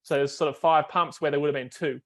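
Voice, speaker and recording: Flat-voiced man coaching with fillers. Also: on the high side, fast talker. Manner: explains step by step with many fillers and restarts. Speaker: foiling coach. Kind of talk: coaching call video review.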